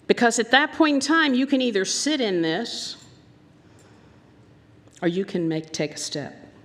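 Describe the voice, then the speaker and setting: Speaking a little high and a little slow in a sing-song way, this Southern American woman minister delivers a sermon full of lively stories, performing the voices of the people she quotes. The long hall reverb of the church sanctuary carries her words.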